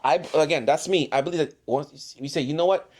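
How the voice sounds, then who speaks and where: A man's voice: on the high side, a little fast, a little mellow. A father in a casual podcast chat, animatedly telling stories about his kids and acting out their voices. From the islands. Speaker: single father guest.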